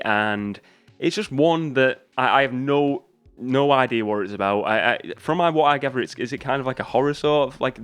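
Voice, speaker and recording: A man's voice: medium pitch, no room sound. A man chatting casually to camera about movies. He rambles, restarts his sentences and pokes fun at himself. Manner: chatty, rambling and self-deprecating, with many restarts. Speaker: movie YouTuber. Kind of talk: casual vlog chat.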